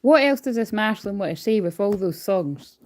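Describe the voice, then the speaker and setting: A woman's voice: mid-range voice, lively intonation, moderate pace, darkish tone. A woman doing a casual livestream card reading into a phone. She is chatty, swears freely and calls herself hyper. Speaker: tarot card reader.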